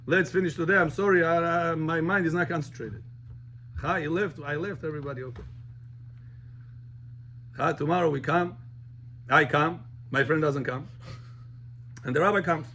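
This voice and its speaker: A man, a rabbi telling a story to his class in an animated way, mixing in words. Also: a little high, normal speed, pauses often, a little hiss or hum. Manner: animated, switches between English and Russian.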